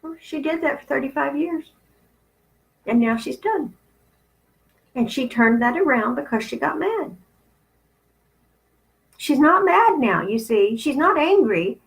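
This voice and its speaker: A woman's voice: high voice, lively intonation, unhurried, gravelly, pauses often, low-quality recording. A woman in her fifties giving a candid spiritual talk, blunt and conversational with some profanity. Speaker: spiritual channel host.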